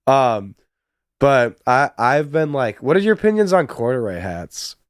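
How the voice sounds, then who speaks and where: A man's voice: mid-range voice, sing-song, a little slow, no room sound, clean studio sound. A man, a music producer, chatting casually on a podcast, laughing often and filling with "like". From Chicago. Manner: giggly, laughs often, many fillers.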